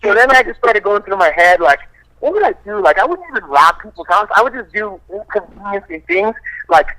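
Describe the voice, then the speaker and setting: A man, a fighter guest, casually telling profane, animated stories full of quoted dialogue. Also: high-pitched, brisk, rough recording. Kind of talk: casual storytelling.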